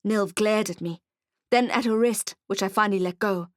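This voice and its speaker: A woman's voice: medium pitch, normal speed, no echo, studio quality. Woman narrating a wry urban fantasy. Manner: wry, hardboiled. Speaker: audiobook narrator. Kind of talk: first-person audiobook narration.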